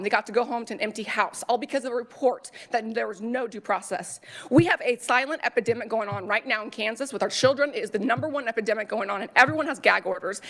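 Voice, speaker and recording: A woman testifying before a committee as a parent, talking fast and urgently, with indignant emphasis. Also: fairly high pitch, fairly bright tone. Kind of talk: public testimony.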